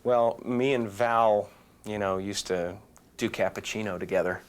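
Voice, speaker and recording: A man being interviewed as an actor guest, answering with deadpan jokes and bursting into silly voices. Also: lowish voice, measured pace, clean tone.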